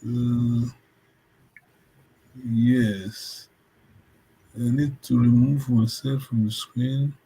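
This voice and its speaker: A man's voice: medium pitch, fairly even intonation, very slow, pauses often, warm tone, breathy edge. A man teaching a language lesson over a video call, patiently checking that his students follow.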